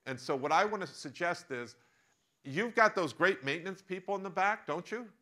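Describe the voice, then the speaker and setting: A man's voice: high voice, expressive, normal speed, pushed and bright, pitched above the performer's own voice. A man with an American accent voicing an eager, chatty former consultant, a woman who is also a mother, as part of a told story. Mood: persuasive.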